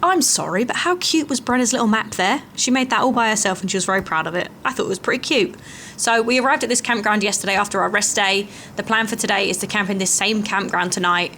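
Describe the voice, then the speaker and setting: A woman's voice: medium pitch, quick pace, bright, forceful tone, slight background noise. A young woman vlogging a hiking trip, chatting casually and poking fun at herself. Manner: chatty, self-mocking. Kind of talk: casual travel vlog chat and voice-over.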